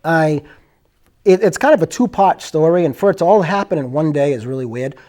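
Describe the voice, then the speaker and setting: A man's voice: on the high side, expressive, brisk, a little mellow. A man hosting his own show, telling true spooky stories in a rambling, conversational way and acting out what people said. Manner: rambling, conversational, acts out quoted lines. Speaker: show host. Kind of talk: casual storytelling.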